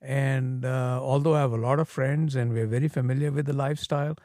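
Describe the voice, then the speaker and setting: A man's voice: medium pitch, steady tone, warm tone, dry recording, studio quality. An older man with an Indian accent from India, a father talking reflectively in a casual interview. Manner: reflective, plainspoken, pausing with fillers. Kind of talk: casual conversation.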